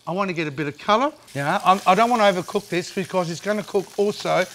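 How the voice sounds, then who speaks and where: Man, cooking show host, high voice, playful banter, pan sizzling faintly. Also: fast, a bit bright, slight background noise. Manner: jokey, chatty, directs his partner while cooking. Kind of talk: casual cooking demonstration.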